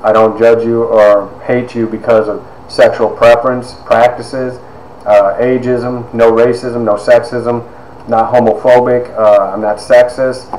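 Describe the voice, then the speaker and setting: A man's voice: mid-range voice, little pitch movement, unhurried, darkish tone. A man giving a personal testimony as a storyteller, acting out the voices of people he quotes. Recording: echoey room with faint noise.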